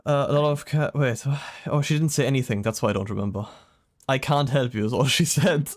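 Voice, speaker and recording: A man's voice: medium pitch, fairly quick. A young man casually commenting on a detective game while streaming, chatty and rambling, often laughing, with a slightly sick voice.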